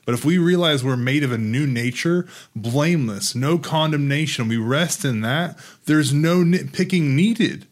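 A man talking about faith in an earnest way, growing excited and lively as he speaks. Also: a little high, unhurried, few pauses. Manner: earnest, gets excited and animated. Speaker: Christian teacher. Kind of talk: casual faith discussion.

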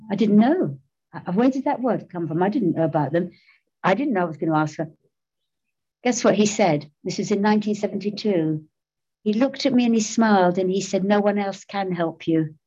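A woman's voice: mid-range voice, warm tone, slightly rough, highs cut off. An older woman, giving a personal testimony about her recovery, self-mocking, emotional and often laughing. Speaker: recovery speaker.

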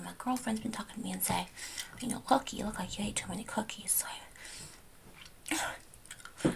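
A woman's voice: medium pitch, creaky. A woman voicing a chatty, rambling female makeup counter clerk with a put-on New Jersey accent in a whispered role-play, chewing gum as she talks, close to the mic. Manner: rambling, gushing, chews gum while talking.

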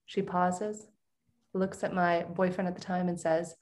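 Guesting on a podcast, a middle-aged woman tells a personal story with lively expression and frequent laughter. Her voice is lowish and her pace unhurried.

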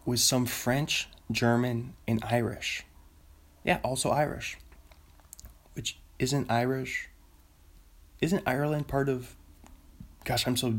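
A man hosting a casual podcast, rambling and joking at himself, who breaks into silly high-pitched bits before reading a plot recap. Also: slow pace, long pauses, husky. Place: home.

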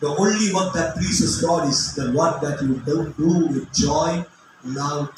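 A man's voice: fairly high pitch, a little slow. Impassioned preacher man in an echoey hall. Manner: impassioned, shouting at times, with non-native phrasing. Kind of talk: sermon. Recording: echoey hall from far off, faint noise.

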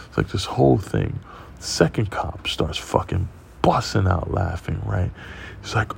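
A man hosting a podcast, telling a profane, animated story in casual monologue. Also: sits low, normal speed, creaky, a little hiss or hum. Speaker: podcast host.

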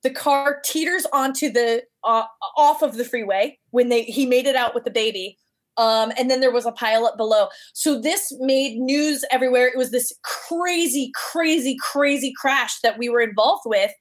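A woman's voice: a little high, moderate pace. A woman guest telling a personal story casually, acting out the voices she quotes. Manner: animated, acts out quoted voices.

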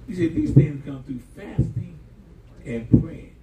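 A male pastor preaches with a lively, swooping delivery, folding humor and homespun stories into his sermon and calling on the congregation to answer. He is heard from some distance in a roomy, echoing space, with steady noise behind him. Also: on the high side, unhurried, gravelly. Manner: animated storytelling with humor and call-and-response; folksy, uses "y'all". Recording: echoey room, voice from a distance, audible background noise.

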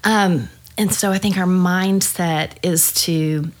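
Lively storytelling woman pastor, low voice. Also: slow pace. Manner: lively storyteller, acts out dialogue. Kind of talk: podcast conversation, personal storytelling.

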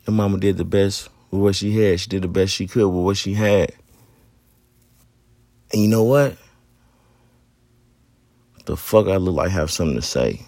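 A man's voice: low-pitched, moderate pace, long pauses, darkish tone, no room sound. A man in his thirties hosting a podcast, telling his own story in blunt, profane street talk. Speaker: podcast host. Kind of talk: candid personal monologue.

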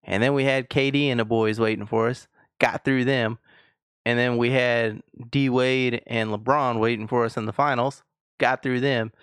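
Man with a smooth voice. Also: medium pitch, steady tone, moderate pace, a bit bright, dry recording, studio quality. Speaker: podcast co-host. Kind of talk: casual chat.

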